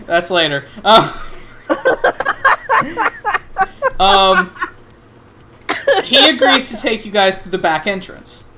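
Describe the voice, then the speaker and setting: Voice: mid-range voice, very animated, extremely slow, vocal fry, long pauses, very noisy. A game master narrating a tabletop role-playing game in a loose, profane way, with laughing asides.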